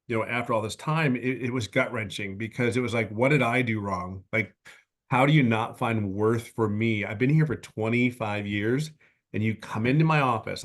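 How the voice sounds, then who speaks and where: A man in his fifties tells his story with earnest conviction, often stopping and restarting his sentences. His voice sits at an ordinary middle pitch. He speaks over a video call. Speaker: webinar guest speaker. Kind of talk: personal testimonial talk.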